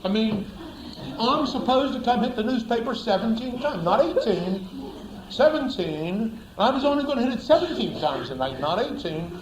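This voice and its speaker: A man doing a high, squeaky toddler. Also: expressive, normal speed, echoey room, a little hiss or hum, rough recording. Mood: aggrieved. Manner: high, protesting, insistent. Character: cheeky little boy, two years old, aggrieved.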